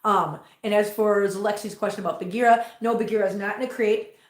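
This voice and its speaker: A woman hosting a casual livestream from home, chatting with viewers and cooing at her cats in a high sing-song voice. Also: fairly even intonation, fast talker, echoey room. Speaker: host. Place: home room full of cats. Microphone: laptop mic.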